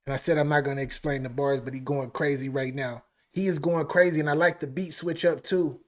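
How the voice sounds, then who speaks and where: A man hosting a live album reaction stream, talking excitedly and repeating phrases. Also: a little high, a little fast. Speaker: music reaction host.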